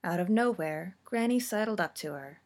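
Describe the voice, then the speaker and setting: A woman narrating a story with a steady, expressive reading. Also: lowish voice, normal speed.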